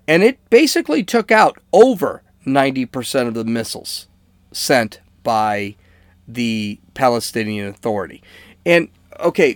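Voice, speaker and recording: A man's voice: medium pitch, no echo. A man talks through current events in a loose, conversational commentary, checking in with listeners and restarting his sentences. His voice sits in a middle register. It is recorded close and dry, with no room sound. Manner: conversational, fillers and restarts, asks "okay?" to listeners. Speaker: political commentator. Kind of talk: casual commentary to camera.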